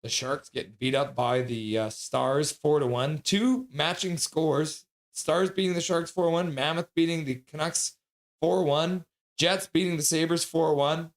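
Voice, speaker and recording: A man's voice: on the high side, steady tone, a little slow. A man hosting a hockey livestream, reading viewers' chat messages aloud and chatting back casually.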